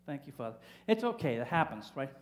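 A man's voice: medium pitch, sing-song, fairly quick. A man preaching to a church congregation in a playful way, joking with the people in the pews. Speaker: pastor. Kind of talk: sermon. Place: church service.

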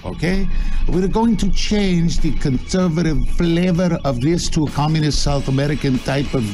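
A man's voice: a little high, moderate pace, music in the background. A man hosting a talk show, chatting in a joking, mocking, playful way and stretching his sounds. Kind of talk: joking casual chat.

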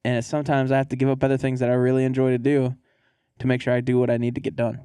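A man co-hosting a casual faith podcast, telling animated stories. His voice is mellow and relaxed. He mimics other people in high, put-on voices, recorded dry and close. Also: racing, clean tone, no echo. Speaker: podcast co-host. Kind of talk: casual chat.

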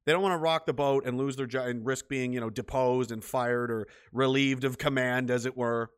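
This vlogger's medium-pitched voice is smooth and steady, moving at a moderate pace even as he rants alone. The monologue is bitter, profane and heated, and he repeats himself throughout.

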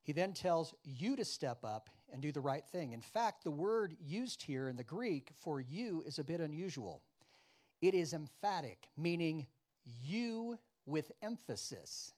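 A man preaching a sermon, acting out dialogue and questioning his congregation, loud one moment and quiet the next. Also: fairly high pitch, unhurried. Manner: animated, acts out biblical dialogue with wide swings in loudness; addresses the congregation with questions and asides. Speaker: pastor.

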